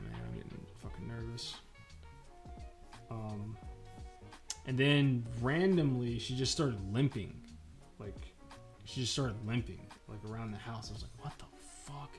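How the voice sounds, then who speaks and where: A man chatting casually and profanely while drawing on a live stream, rambling with lots of fillers. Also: mid-range voice.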